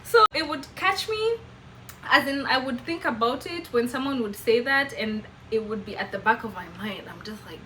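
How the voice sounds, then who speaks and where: A young Kenyan woman with a Kenyan English accent, telling a chatty, animated, self-mocking story to camera. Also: on the high side, moderate pace, slight background noise, poor audio. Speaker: vlogger.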